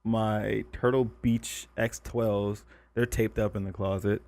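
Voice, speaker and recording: A man's voice: on the low side, little pitch movement, slow, a little mellow. A young man co-hosting a podcast, telling stories in casual chat, swearing and laughing often. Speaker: podcast co-host.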